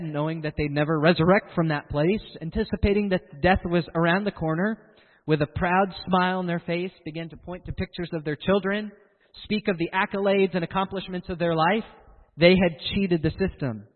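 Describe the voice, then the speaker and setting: A man preaching a sermon in an animated way, acting out the voices of the people he quotes. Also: fairly high pitch, big-room sound, narrow, tinny audio.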